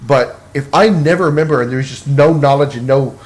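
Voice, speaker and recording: A man's voice: mid-range voice, a little fast. A man streaming a game, chatting casually and rambling with lots of restarts. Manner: rambling, many restarts and fillers. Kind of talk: casual chat while gaming.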